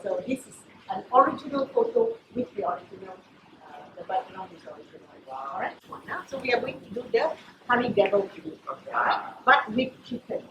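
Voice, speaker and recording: A woman's voice: mid-range voice, sing-song, fairly quick, lo-fi sound, noisy background. A middle-aged woman with a Malaysian accent, a chef giving a chatty, explanatory cooking class in a hotel kitchen and often checking in with her listeners. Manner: chatty, explanatory, checks in with "you know" and "all right". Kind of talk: live cooking demonstration. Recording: echoey kitchen.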